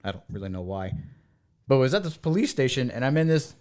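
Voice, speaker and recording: Speaking at a quick pace in a mid-range voice, this American man co-hosts a casual podcast. He spins lively stories, impersonating the people involved as he quotes them.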